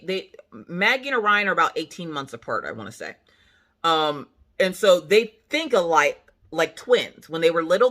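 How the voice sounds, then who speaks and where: A woman hosting a casual vlog, telling a family story in an animated, emphatic way with sassy asides. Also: mid-range voice. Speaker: channel host, mother.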